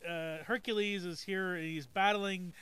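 A man's voice: high voice, steady tone, unhurried, bright, forceful tone, clean tone. A man hosting a casual comic book chat, talking loosely with fillers and frequent laughs. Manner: chatty, laughs often, trails off with fillers. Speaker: comic book show host.

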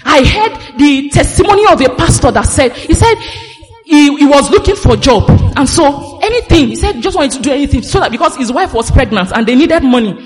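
A woman preaching a sermon, animated and sing-song, slowing down to stress scripture. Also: high voice. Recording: reverberant hall with faint music.

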